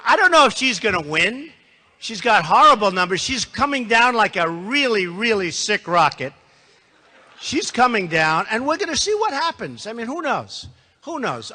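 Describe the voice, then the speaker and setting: An older man delivering a campaign speech in a big reverberant hall, his pitch high and swinging widely as he boasts and repeats himself. His tone is bright and forceful, with quick conversational asides to the crowd. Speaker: political candidate. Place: large hall before a live audience.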